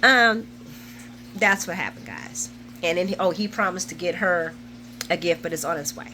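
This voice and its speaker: A woman's voice: fairly low pitch, animated, moderate pace, background noise. A woman in her forties, host of a soap opera recap channel, chatting casually and laughing as she retells scenes. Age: 40s. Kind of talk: casual chat, episode recap.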